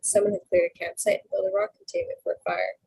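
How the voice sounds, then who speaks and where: A woman's voice: mid-range voice, big pitch swings, fast, vocal fry, darkish tone, husky, low-quality recording. A woman casually reading a novel aloud in first person, stumbling over words now and then and correcting herself as she goes. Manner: unpolished reading with slips and self-corrections. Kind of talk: casual read-aloud narration.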